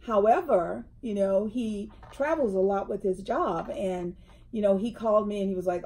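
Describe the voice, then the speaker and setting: The voice belongs to a middle-aged woman, medium in pitch and moderate in pace. Co-hosting a laid-back chat indoors over tea, she tells animated stories and acts out the quotes of the people in them.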